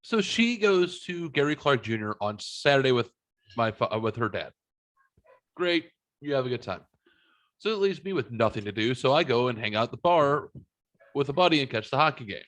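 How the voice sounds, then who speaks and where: A man's voice: mid-range voice, very animated, brisk, fairly bright tone. A man hosting a podcast, telling rambling stories with lots of swearing. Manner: profane, rambling storyteller. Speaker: podcast host. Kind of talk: casual chat.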